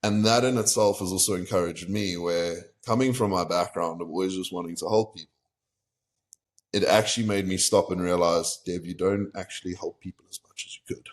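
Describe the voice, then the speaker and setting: A young man with a very low voice tells a long personal story in a casual, candid way. He slips into the quoted voices of the people he met. He is a guest talking with a podcast host. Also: a little fast. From South Africa.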